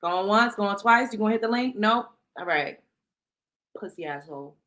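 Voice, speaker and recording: A woman's voice: medium pitch, expressive, normal speed, fairly bright tone. A woman with a New York accent hosting a casual livestream, reading viewer questions and talking bluntly with lots of profanity. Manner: blunt, profane, reads chat aloud. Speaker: livestream host.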